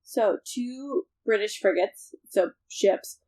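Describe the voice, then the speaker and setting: A young woman hosting a casual history podcast, telling the story in an animated way and mocking the people in it with quoted voices. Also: mid-range voice, slow, poor audio. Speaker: podcast host.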